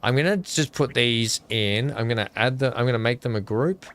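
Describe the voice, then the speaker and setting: A man's voice: mid-range voice, moderate pace, a bit bright. A man streaming a park-building game, chatting casually with viewers, thinking aloud with lots of fillers and poking fun at himself. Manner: rambling, self-mocking, thinks aloud with many fillers.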